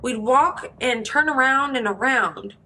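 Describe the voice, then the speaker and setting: A woman voicing a confused little boy who answers in a halting, unsure way. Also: high voice, pushed and bright, slight background noise, pitched above the performer's own voice, full character voice.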